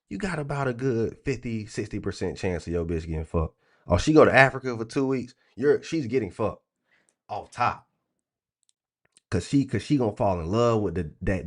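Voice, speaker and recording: Man, low-ish voice, blunt, profane, animated livestream rant. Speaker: trading stream host.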